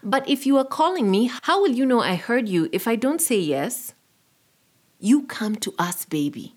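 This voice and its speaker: A woman's voice: a little high, very animated, normal speed, voice pushed up. A woman reading the part of a stern, worried middle-aged father who speaks firmly. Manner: firm, scolding.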